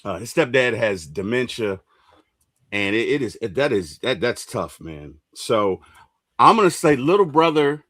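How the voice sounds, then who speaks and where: A man's voice: fairly low pitch, measured pace, no room sound, studio quality. A man hosting a casual sports fan livestream, talking with rising emotion about his team. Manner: emotional, voice swelling when excited. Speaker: podcast host.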